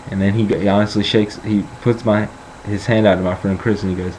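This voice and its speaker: A young man rambles through a casual vlog, cracking jokes and boasting as he goes. His voice is very deep. A faint hiss sits under the recording. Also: fairly even intonation, quick pace, a little mellow, low-quality recording.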